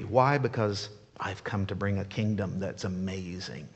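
A male pastor preaching a sermon in an animated, playful way, full of rhetorical questions. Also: low-pitched, unhurried, breathy edge, in a large hall.

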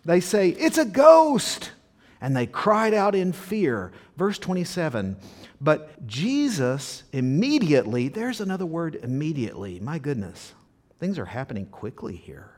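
A man preaching a sermon to his congregation in a very expressive voice that rises and falls widely. He talks conversationally and tosses questions to the listeners. When he reads scripture aloud, he acts the lines out with real drama. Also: fairly high pitch, unhurried. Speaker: pastor. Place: church service before a congregation.

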